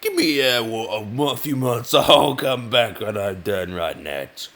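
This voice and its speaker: Sheepish composer, hesitant, stammering fillers, slightly raised bright voice, as a man puts him on. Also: medium pitch, lively intonation, measured pace.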